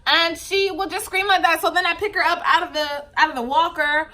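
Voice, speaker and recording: Chatty bright-voiced young woman vlogger. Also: extremely high pitch, a little fast. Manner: chatty, animated, loose with fillers. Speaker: mom vlogger. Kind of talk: casual chat to camera.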